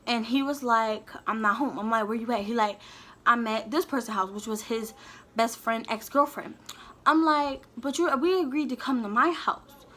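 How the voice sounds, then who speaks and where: Bright-voiced young woman telling a storytime. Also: a little high, moderate pace. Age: young adult. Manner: candid, heated, talks straight to viewers. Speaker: vlogger. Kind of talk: storytime vlog.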